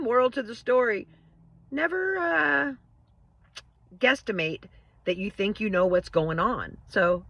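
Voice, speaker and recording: A woman telling a joke story in a casual way, jumping up in pitch for the quoted voices. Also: unhurried, gravelly, dry recording, poor audio. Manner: animated, jumps to high pitch for quoted voices.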